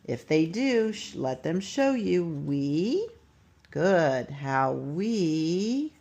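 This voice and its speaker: Slow, gravelly-voiced woman teacher. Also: deep voice, sing-song, warm tone, highs cut off. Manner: patient, step-by-step, sounds out words slowly. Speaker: teacher demonstrating a writing lesson. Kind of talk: instructional walkthrough.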